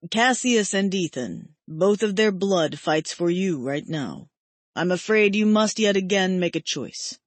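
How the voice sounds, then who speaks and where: A woman narrating an audiobook, voicing an ancient, sorrowful male angel who speaks softly and solemnly. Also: mid-range voice, lively intonation, measured pace, no room sound. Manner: soft, hushed, solemn. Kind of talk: audiobook character voice.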